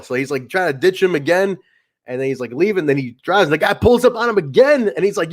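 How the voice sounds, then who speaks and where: A man's voice: on the high side, expressive, quick pace. A man hosting a casual solo podcast livestream, rambling with fillers and restarts and acting out other people's lines as he tells a story. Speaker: podcast host.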